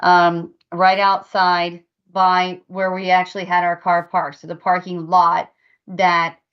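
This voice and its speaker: A woman co-hosts a paranormal podcast, earnestly describing at length what spirits have shown her in casual discussion. Her voice is on the low side, smooth and monotone, and she speaks slowly over lo-fi audio.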